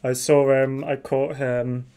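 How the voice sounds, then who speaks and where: A young adult co-streamer chatting casually during a game, playful and quick to laugh. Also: mid-range voice, flat delivery, mellow, clear, resonant tone. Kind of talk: casual gaming chat.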